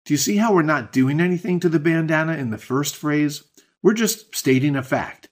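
A man's voice: fairly high pitch, lively intonation, moderate pace. A man hosting a scripted podcast language lesson, explaining patterns step by step with spoken examples. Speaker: language teacher and podcast host.

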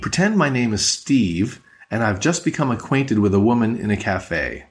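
A man teaching a podcast language lesson, patient and explanatory, slowing down on key words. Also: fairly low pitch, very animated, soft background music.

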